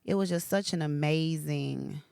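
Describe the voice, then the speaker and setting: A woman co-hosting a podcast, telling a heartfelt personal story in a soft, emotional, conversational way. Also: sits low, a little slow, vocal fry, clear, resonant tone, dry recording, studio quality. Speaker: podcast co-host, hairstylist. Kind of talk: casual chat.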